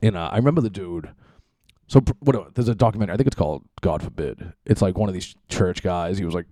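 A man's voice: low voice, fast talker, warm tone, no room sound, studio quality. A man in his thirties hosting a casual podcast, rambling loosely with lots of profanity and laughter. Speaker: podcast host.

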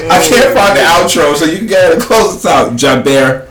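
A man's voice: sits high, expressive, fast, a bit bright, roomy sound, far from the mic, slight background noise, low-quality recording. A man co-hosting a podcast in casual chat, joking, laughing and sometimes hesitant. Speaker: podcast co-host.

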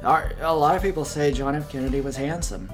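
A man co-hosting a podcast, chatting casually about a TV episode and throwing in deadpan jokes. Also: fairly high pitch, fast talker, soft background music. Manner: deadpan jokey asides. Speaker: podcast co-host. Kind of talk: casual chat recapping a TV episode.

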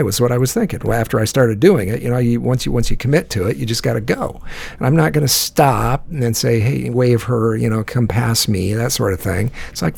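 A man's voice: mid-range voice, brisk, gravelly, a little mellow, husky. A man telling a long story in casual chat, swearing often and restarting his sentences. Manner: profane, rambling, many restarts. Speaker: podcast co-host telling a story.

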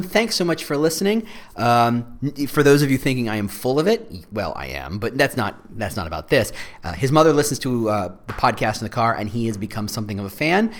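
A male podcast host delivering a solo monologue, his pitch leaping around in a very lively way. He rambles through his points with self-mocking asides.

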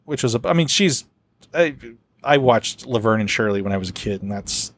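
A man chats casually as a podcast host. His voice sits at an ordinary pitch, and he rambles, stacking fillers and restarts as he tells a story. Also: expressive, moderate pace, no room sound. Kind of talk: casual chat.

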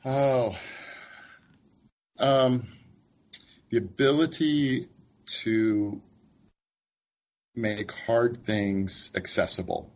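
A male professor speaking as an interview guest, with a husky, somewhat low voice. He talks thoughtfully and reflectively, with a gentle, amused touch. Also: extremely slow, pauses often. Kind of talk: casual interview chat.

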